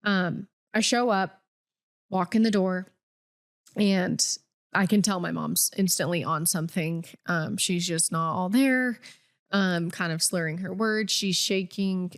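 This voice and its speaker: A woman's voice: lowish voice, slow. Woman in her 20s telling her own story on a podcast, super candid, says like a lot. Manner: candid, filler-heavy with frequent "like". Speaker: podcast co-host. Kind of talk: personal storytelling.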